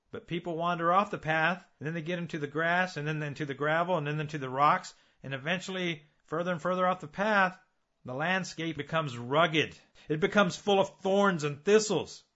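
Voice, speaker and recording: A man's voice: fairly high pitch, bright, forceful tone, dull audio. A man preaching a sermon, earnest and building his points with repeated phrases and rhetorical questions.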